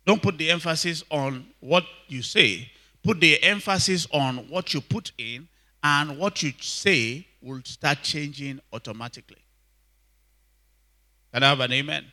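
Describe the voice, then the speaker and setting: A man's voice: on the high side, bright, forceful tone. A man preaching a sermon, emphatic, repeating key lines and calling for responses from the congregation.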